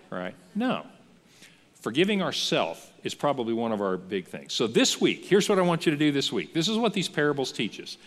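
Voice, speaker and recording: A man preaching a sermon as a pastor, in a conversational, lively style that acts out the voices he quotes. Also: mid-range voice, normal speed, big-room sound. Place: church.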